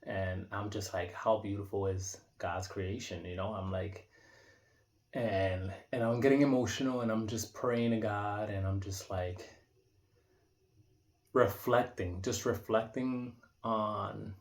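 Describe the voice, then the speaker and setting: The vlogger, a man in his thirties, has a lowish voice with a steady tone and takes his time. Speaking in an indoor room, he muses casually and unscripted, rambling with many fillers and restarts.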